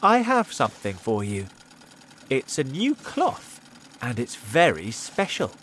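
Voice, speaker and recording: A man voicing a sly, clever tailor who coaxes and flatters a king in a told story. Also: medium pitch, slow pace, slight background noise, heavily acted. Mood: coaxing. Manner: coaxing and flattering.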